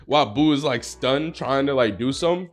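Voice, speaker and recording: A man's voice: medium pitch, brisk, faint music behind. A young man casually telling a fan-made story, rambling and slangy, full of "bro" and "like".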